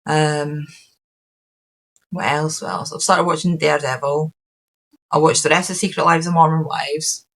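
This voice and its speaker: Scottish woman just chatting away on her podcast, kinda gravelly, lots of ums. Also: sits low, steady tone, measured pace, long pauses, poor audio. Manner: rambling, with many ums and restarts. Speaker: podcast host. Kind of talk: casual chat.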